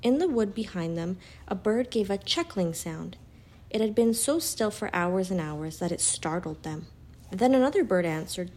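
A woman reading a children's storybook aloud in a calm, even narrating voice. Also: medium pitch, normal speed.

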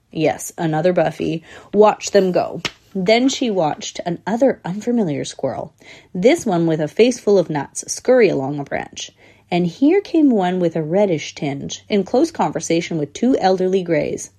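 Lively woman reading a storybook. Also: fairly low pitch, normal speed. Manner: lively, voicing each squirrel. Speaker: narrator. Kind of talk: storybook narration.

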